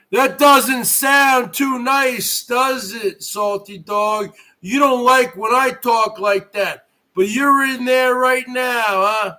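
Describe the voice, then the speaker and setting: A middle-aged man hosting his own live stream, ranting at viewers in a loud, mocking way and often breaking into shouts. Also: high voice. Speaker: livestream host.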